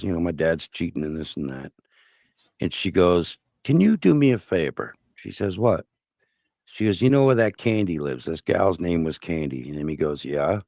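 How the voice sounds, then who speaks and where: A man with a low, gravelly, slightly mellow voice recounts a personal family story as a guest sharing his life. He talks casually, bluntly, and with profanity, in a dry studio-quality recording.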